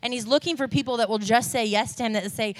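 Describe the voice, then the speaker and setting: A woman's voice: fairly high pitch, quick pace. Chatty young woman sharing a testimony. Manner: chatty and animated, fillers like "like", voice rising with passion. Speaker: nurse giving a testimony. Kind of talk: testimony sermon to a church audience.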